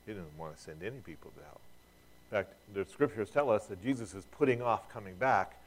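Male pastor, lowish voice, relaxed conversational sermon with rhetorical questions. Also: brisk. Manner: repeats words when restarting.

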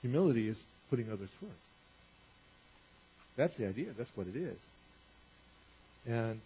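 A male pastor preaching a sermon in a conversational way, repeating phrases and rising in pitch for emphasis. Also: lively intonation, normal speed, pauses often, warm tone, a little hiss or hum. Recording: dull lo-fi recording.

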